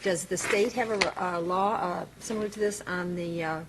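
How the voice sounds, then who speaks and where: A woman mayor chairing a city council meeting, plain-spoken and halting, with frequent fillers. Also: fairly low pitch, fairly even intonation, noisy background.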